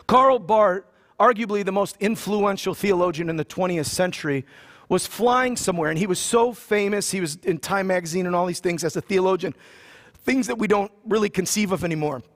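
A man's voice: high voice, fairly quick. A pastor preaching a sermon. He reads scripture aloud and retells it in casual, joking everyday talk. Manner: casual and joking, with slang asides.

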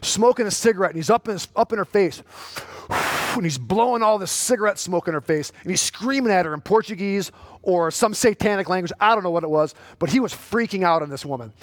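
High-voiced, animated preaching man. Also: fairly quick. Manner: animated, swings between low storytelling and loud exhortation. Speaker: pastor. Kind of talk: sermon.

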